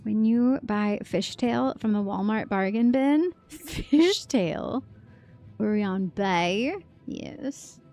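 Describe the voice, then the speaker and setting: A woman's voice: mid-range voice, slow pace, mellow, faint music behind. A woman game streamer chatting casually on a livestream, giggling often and reacting to chat messages.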